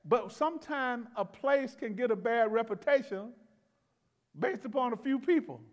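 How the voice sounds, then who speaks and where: High-voiced pastor preaching in a reverberant hall. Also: male voice, animated, moderate pace. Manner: conversational and folksy, laughs and repeats words; rises to loud exclamations for emphasis. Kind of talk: expository sermon.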